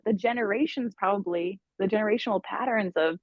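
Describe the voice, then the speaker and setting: A woman relationship coach, a guest on a podcast, telling stories in a lively, conversational way. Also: mid-range voice, brisk, dry recording, phone-quality sound. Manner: expressive, conversational storyteller.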